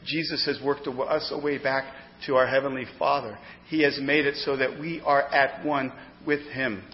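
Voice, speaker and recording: A man preaching a sermon as pastor, emphatic, swinging between loud declarations and hushed explanation. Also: medium pitch, steady tone, moderate pace. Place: church sanctuary. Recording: dull lo-fi sound with long hall reverb.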